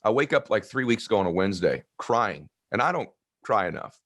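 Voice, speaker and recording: A man in his fifties with a deep voice, telling personal stories earnestly in a conversation. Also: very animated, a little fast, fairly bright tone. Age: 50s. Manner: earnest, heartfelt. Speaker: guest.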